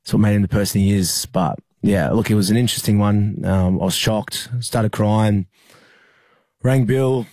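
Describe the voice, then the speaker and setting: A young Australian man, a rugby league player, recalling a hard time in an interview, halting with many fillers and restarts. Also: lowish voice, a little mellow, no echo, studio quality. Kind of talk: emotional interview recollection.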